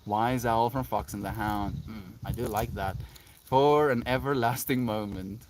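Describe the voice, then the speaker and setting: A man's voice: lowish voice, measured pace, slight background noise. A South African man musing dreamily as a live streamer, reading chat comments and laughing often.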